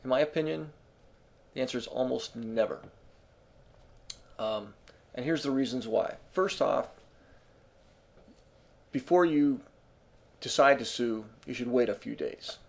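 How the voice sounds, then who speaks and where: A man's voice: mid-range voice, a little slow, gravelly, pauses often. A man talking through music business advice in a casual, conversational way, with frequent fillers and restarts.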